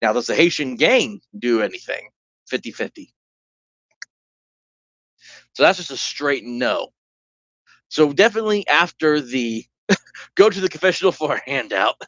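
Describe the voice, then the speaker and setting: A man's voice: mid-range voice, animated, unhurried, pauses often, a bit bright, no room sound. A man chats his way through a solo tabletop game, rambling and breaking off for asides. His mic sounds dull and lo-fi, with a dry, close sound. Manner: rambling, chatty, with restarts and asides.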